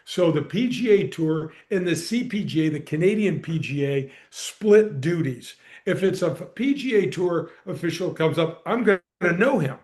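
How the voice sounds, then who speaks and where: A middle-aged man tells his story on a podcast with energy and emphasis. His voice sits high for a man. He punches key words and keeps the telling moving. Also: lively intonation, normal speed, hardly any pauses, a little mellow. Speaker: podcast guest, former pro golfer and radio host. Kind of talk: animated storytelling in conversation.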